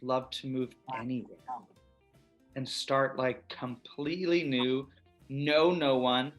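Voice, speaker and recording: A man's voice: mid-range voice, steady tone, slow, dull audio, faint music behind. An American man, an actor guest, chatting expressively and casually in an interview. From USA.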